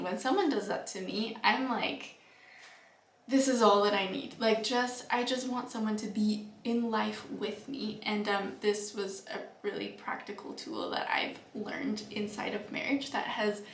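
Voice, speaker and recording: A young woman vlogger giving earnest, reflective advice to the camera, with soft laughs and fillers. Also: mid-range voice, far from the mic, a little hiss or hum. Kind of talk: casual advice talk to camera. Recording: echoey room, voice a bit off-mic.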